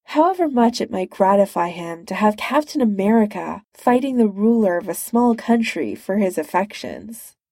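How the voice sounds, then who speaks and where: A woman reading a superhero story aloud with even, unhurried narration. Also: mid-range voice, no room sound, studio quality. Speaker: reader. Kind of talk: reading fan fiction aloud.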